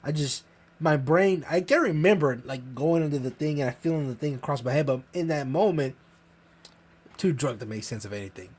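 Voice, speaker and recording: A man telling a long, profane story in casual podcast chat, rambling and animated. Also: on the high side, brisk, slightly rough. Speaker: podcast co-host.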